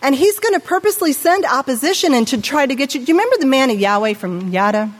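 Middle-aged woman, sermon, high voice, animated, long hall reverb. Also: fast. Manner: animated, acts out quoted voices, asks the listeners questions. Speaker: preacher.

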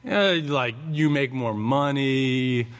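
A man voicing a friendly old man in his seventies giving slow, earnest advice. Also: medium pitch, clear, resonant tone, pitched below the performer's own voice, lightly acted. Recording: long hall reverb.

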